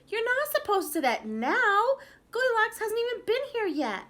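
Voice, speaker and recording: A woman's voice: animated, normal speed. Tara, a bossy little dinosaur girl, voiced by a woman. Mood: indignant. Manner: high, loud and insistent. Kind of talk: storybook reading for children.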